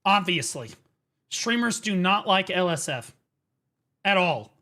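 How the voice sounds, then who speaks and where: A man's voice: sits high, lively intonation, takes it slowly, sharp tone. A man streaming live reaction commentary, blunt and profane, repeating his points as he gets riled up. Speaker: streamer host.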